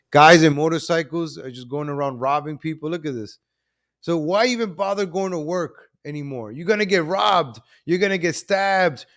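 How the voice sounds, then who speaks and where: A man hosting a live commentary stream, animated and repetitive, calling out to viewers as ladies and gentlemen. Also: a little high. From New York.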